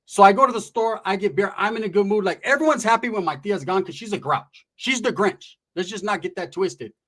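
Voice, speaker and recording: Higher-pitched male comic storyteller, slangy and crude. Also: fairly quick, fairly bright tone. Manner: slangy, profane, loose asides. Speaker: stand-up storyteller. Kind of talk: comedic storytelling.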